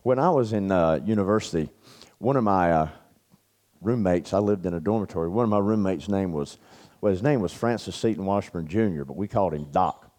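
A man's voice: low voice, brisk, a little mellow. A man speaking at a men's church camp, telling stories in a folksy, anecdotal sermon with lots of fillers. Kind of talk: storytelling sermon.

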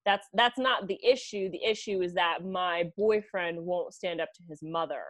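A woman co-hosting a comedic advice podcast, reading listener letters aloud and then mulling them over in a chatty, halting way. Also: fairly low pitch. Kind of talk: casual comedic podcast chat.

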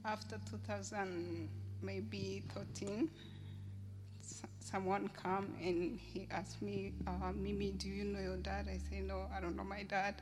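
A woman telling a personal testimony at a church service in a halting way, with small laughs along the way. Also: medium pitch, level tone, noisy background. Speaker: church member giving testimony.

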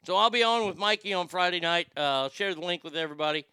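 A man's voice: a little high, fairly even intonation, racing, bright, forceful tone, clean tone, no echo, clean studio sound. A man hosting a livestream in casual commentary, rambling with stammered restarts and a mocking tone. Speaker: livestream host.

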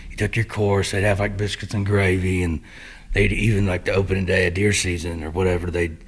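Gravelly deep-voiced man. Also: little pitch movement, fairly quick. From Missouri, USA. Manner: laid-back storyteller, rambling with fillers. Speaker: guest. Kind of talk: casual podcast chat.

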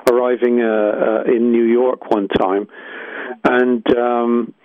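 A man's voice: medium pitch, level tone, takes it slowly, no echo. Man on a tinny line. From England. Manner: hesitant, searching, many restarts. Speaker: musician guest. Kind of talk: reflective interview storytelling.

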